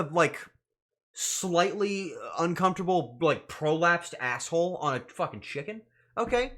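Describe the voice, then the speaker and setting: Young male streamer, slightly high voice, very expressive pitch, casual, profane, mock-outraged. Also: a little slow. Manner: animated, swearing, mock-outraged joking. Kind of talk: casual livestream chat.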